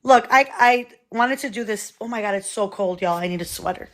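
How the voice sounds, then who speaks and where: A woman hosting a livestream, talking in a heated, animated way to her viewers and swearing freely. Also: mid-range voice, fairly quick. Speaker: livestream host. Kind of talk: heated casual livestream talk.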